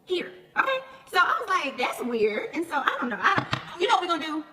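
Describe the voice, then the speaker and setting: A woman's voice: sits high, sing-song, quick pace, sharp tone, in a large hall. A woman in casual gossip chat, telling stories bluntly and acting out both sides of conversations with lots of laughter. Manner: blunt, profane, laughs often. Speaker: reality show cast member talking to viewers.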